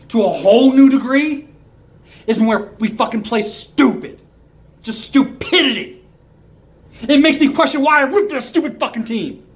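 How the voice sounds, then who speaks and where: A young man with a notably high-pitched voice delivers a heated fan rant. He swears freely and circles back to his points with mounting frustration. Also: fairly bright tone, poor audio. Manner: angry, profane ranting. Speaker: sports fan commentator. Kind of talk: ranting fan commentary.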